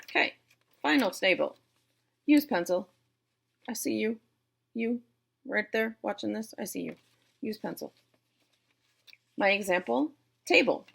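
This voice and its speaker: Here a woman from Boston, USA, teaches syllable types one step at a time, speaking to viewers playfully and directly in her Boston accent. Her mid-range voice is animated and unhurried, creaky, husky and a bit bright, with long pauses.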